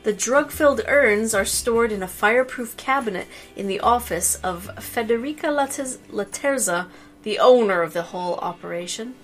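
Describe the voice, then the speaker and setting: A woman co-hosting a let's play, chatting casually and reading game text aloud in a playful, deadpan way. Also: fairly high pitch, moderate pace, soft background music, poor audio.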